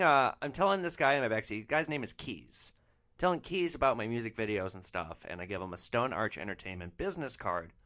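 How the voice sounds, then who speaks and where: An animated man spinning comic stories on a podcast, profane and exasperated. His voice is bright and forceful, and his pitch swings widely. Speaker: podcast host, rideshare driver. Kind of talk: comic storytelling.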